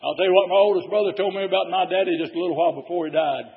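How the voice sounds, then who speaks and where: High-pitched guy preaching a sermon, folksy, gets shouty, echoey hall, muffled old recording. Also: steady tone, rapid-fire. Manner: folksy storytelling, rising to shouted exhortation. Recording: dull lo-fi sound in a reverberant hall.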